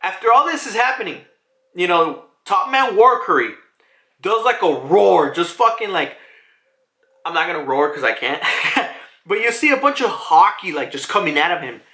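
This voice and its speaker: A man casually reviewing a comic chapter, excitable and swearing often. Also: sits high, normal speed. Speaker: manga reviewer. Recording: roomy echo.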